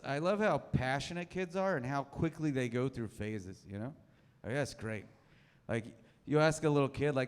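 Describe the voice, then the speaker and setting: A man's voice: on the high side, long reverb tail. A man in his thirties doing a stand-up set on a club stage, dry and self-mocking. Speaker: stand-up comedian.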